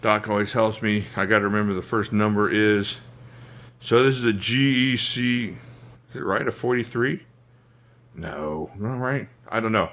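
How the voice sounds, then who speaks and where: Bright-toned man gushing over his knives. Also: fairly low pitch, normal speed. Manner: enthusiastic, jokey, chats to himself while handling knives. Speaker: knife collection YouTuber. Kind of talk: casual show-and-tell talk to camera. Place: indoors at home beside a knife drawer.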